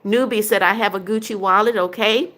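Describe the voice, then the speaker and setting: An older woman hosts a casual livestream, reading viewers' comments aloud one after another. She answers each one briefly in her own everyday voice, at a middling pitch. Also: steady tone, fairly quick, a bit bright. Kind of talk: casual live chat.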